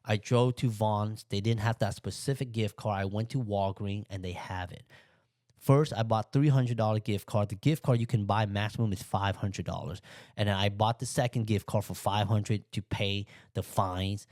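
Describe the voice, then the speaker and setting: Animated man telling a story. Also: normal speed, no echo, clean studio sound. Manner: animated, voices his own thoughts with big pitch jumps; plain, conversational English with loose grammar. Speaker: podcast host. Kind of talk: casual storytelling. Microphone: podcast microphone.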